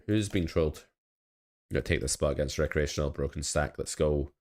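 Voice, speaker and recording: A man with a slightly mellow bass voice talks a little fast while coaching poker on a live stream, chatting casually with viewers and often doubting his own plays. His commentary is chatty and self-critical, aimed at the chat.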